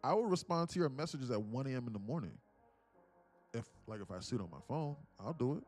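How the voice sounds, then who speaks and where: A man's voice: medium pitch, lively intonation, fast talker, darkish tone, soft background music. A man hosting a live day-trading stream, chatting casually and rambling, often repeating words as he talks to his viewers. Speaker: day-trading livestream host.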